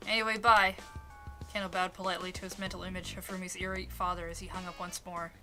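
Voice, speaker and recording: A woman streamer reading a visual novel aloud, steady narration with asides. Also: on the low side, racing. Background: game music.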